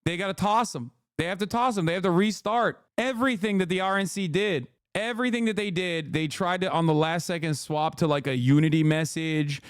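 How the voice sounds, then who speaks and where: A man's voice: sits high, fairly quick, hardly any pauses, clean tone, no room sound, studio quality. A man hosting a live stream, reacting to political news with profane, fired-up ranting. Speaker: streamer host.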